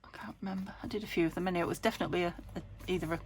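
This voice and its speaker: British woman, craft host, lowish croaky voice, casual running chat with muttered asides. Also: steady tone, very fast, a little hiss or hum. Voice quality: a bit croaky. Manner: chatty, talks to her materials, murmured asides, frequent laughs.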